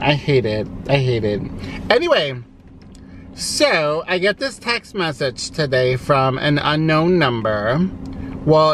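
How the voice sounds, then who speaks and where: A man's voice: on the high side, a bit bright, slight background noise. A man vlogging from inside his parked car, ranting in a profane, sassy, exasperated way. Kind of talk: ranting vlog.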